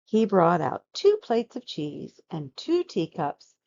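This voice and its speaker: A woman reading a children's picture book aloud, narrating with expressive, dramatic storytelling. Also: on the low side, slow pace, lo-fi sound.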